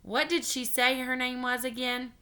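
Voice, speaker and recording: A woman's voice: high voice, fairly even intonation, normal speed, pushed and bright, voice pushed up. A woman doing a sarcastic little fairy godmother.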